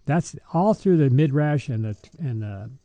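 A man's voice: medium pitch, animated, a little slow, warm tone, no room sound. A middle-aged man, a deacon, telling stories in a casual faith podcast chat, rambling with many restarts. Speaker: deacon and show host.

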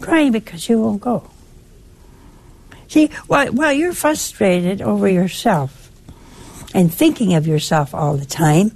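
An older woman giving a sermon in a conversational, lively way, teasing and chiding her listeners affectionately. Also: medium pitch, a little slow, gravelly, long pauses. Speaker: preacher.

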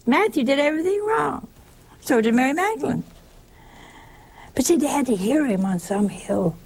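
A woman's voice: sits high, animated, normal speed, pauses often, darkish tone. A woman giving a conversational sermon in a folksy way, often turning to the listeners with rhetorical questions. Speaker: preacher.

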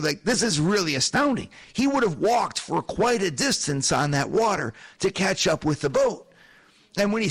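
A man's voice: high-pitched, gravelly, a bit bright, slightly rough. A man giving a Bible teaching, retelling the scene vividly and asking his listeners rhetorical questions. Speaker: preacher. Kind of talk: sermon-style Bible teaching.

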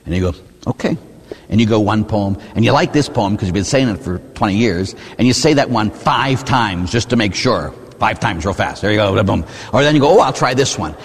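A Catholic priest giving a sermon in a church, telling stories with lively asides and rhetorical questions like "huh?". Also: male voice, fairly low pitch, moderate pace, slightly rough, in a large hall.

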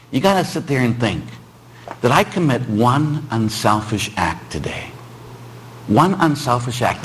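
A man who is a Catholic priest, preaching a sermon with animated storytelling and sudden shouts. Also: medium pitch, slight background noise. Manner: animated storytelling, acts out dialogue, bursts into shouts.

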